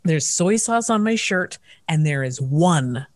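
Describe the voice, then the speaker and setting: A woman with a low voice conducts a relaxed interview, asking questions in a casual, playful tone. She likes to tease and slips into funny anecdotes. The sound is dry and close, with no room echo. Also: slow. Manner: playful, teasing storyteller.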